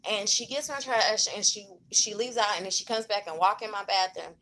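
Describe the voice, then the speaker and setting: Chatty woman telling a story, bright voice. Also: medium pitch, a little fast, a little hiss or hum, rough recording. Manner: animated, conversational, many fillers. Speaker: vlogger. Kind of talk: casual storytelling vlog. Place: hospital room.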